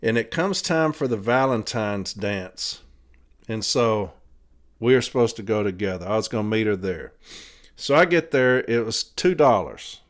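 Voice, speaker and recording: A man's voice: fairly low pitch, animated, unhurried. A man hosting a podcast, telling a long rambling story in a casual way, laughing between phrases and swearing freely. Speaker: podcast host.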